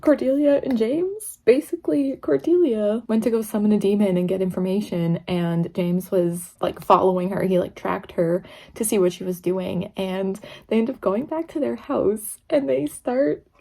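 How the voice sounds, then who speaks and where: A woman's voice: medium pitch, normal speed, creaky, mellow. A young woman vlogging her reactions while reading, chatty and emotional, tearful and laughing often. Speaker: book vlogger. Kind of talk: casual reading vlog reactions.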